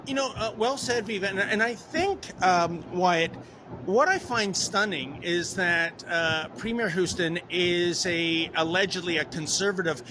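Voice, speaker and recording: A man's voice: high voice, measured pace, noisy background. A man hosting a political talk show, asking questions in a wry, sarcastic way. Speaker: host.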